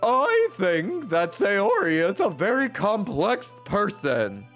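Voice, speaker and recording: A shy, thoughtful anime schoolgirl, as a man puts her on, pitched high and swooping through a very wide, singsong range. She speaks slowly and earnestly, with a poetic lilt. Faint music plays underneath. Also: wildly swooping pitch, fairly bright tone, full character voice. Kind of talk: reading visual novel dialogue aloud.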